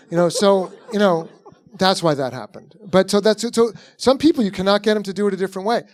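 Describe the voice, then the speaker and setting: A man who directs films spins meandering, lively anecdotes in an onstage conversation, voicing the people in them. He talks quickly in a voice that sits high, restarting often and leaning on "you know".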